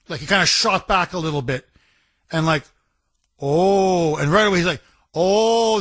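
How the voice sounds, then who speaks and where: Animated high-voiced radio host. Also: male voice, dry recording. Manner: animated storyteller, acts out quotes. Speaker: radio talk show host. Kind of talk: talk radio monologue.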